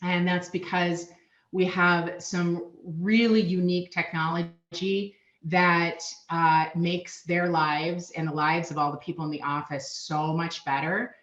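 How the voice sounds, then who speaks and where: A woman's voice: lowish voice, level tone, measured pace, fairly bright tone. Woman, Minnesotan accent, middle-aged, upbeat and chatty, muffled lo-fi sound. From Minnesota, USA. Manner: chatty, upbeat, frequent ums and laughs. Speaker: guest, payments market manager. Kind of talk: casual interview chat. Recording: echoey, dull lo-fi remote audio.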